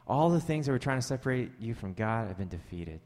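A male pastor delivering a conversational sermon in a mid-range voice. He tells a story loosely, with jokey asides, and gets more animated and louder when joking with the congregation. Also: mid-range voice, quick pace, in a large hall.

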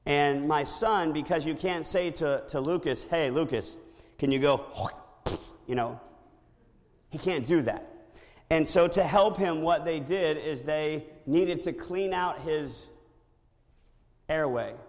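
A male pastor preaching a sermon in a church, animated and storytelling with impressions. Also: fairly high pitch, slow, big-room sound.

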